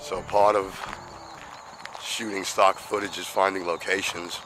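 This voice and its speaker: A man's voice: sits low, little pitch movement, a little slow, music in the background, low-quality recording. A man in his fifties talking casually while walking outdoors on a seaside boardwalk, a little out of breath, rambling in an easygoing way. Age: 50s. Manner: rambling, self-chatting, easygoing. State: slightly out of breath. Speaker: vlogger.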